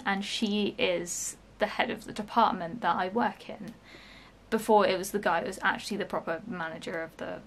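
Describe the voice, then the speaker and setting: A woman's voice: mid-range voice, a little hiss or hum. A woman vlogger telling a frustrating work story in a casual, sweary rant full of fillers and restarts.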